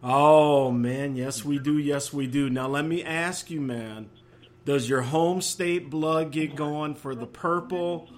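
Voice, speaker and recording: A man hosting a live sports call-in show, loud, hyped and playful with callers. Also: fairly high pitch, fairly even intonation, slow. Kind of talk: live call-in radio chat.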